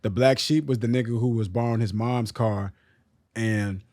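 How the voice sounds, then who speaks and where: A man's voice: medium pitch, fairly even intonation, moderate pace, a little mellow, no echo. A man from Texas co-hosting a podcast, talking in a laid-back way full of slang and fillers. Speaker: podcast co-host. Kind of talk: casual chat.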